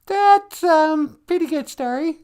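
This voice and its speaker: A man voicing Paul, an agreeable male sidekick, in a high squeaky falsetto with short, easygoing replies. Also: slow pace, darkish tone.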